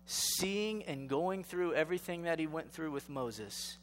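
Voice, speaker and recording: A man's voice: a little high, expressive, a little slow, fairly bright tone, long reverb tail, slight background noise. A male pastor giving a sermon in a conversational style, asking rhetorical questions and building to emphatic exhortation.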